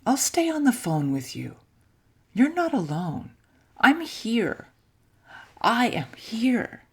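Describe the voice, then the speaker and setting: A woman voicing a gentle comforting friend. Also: fairly high pitch, big pitch swings, slow pace, slightly rough, pitched above the performer's own voice, heavily acted. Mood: soothing. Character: kind comforting woman on phone.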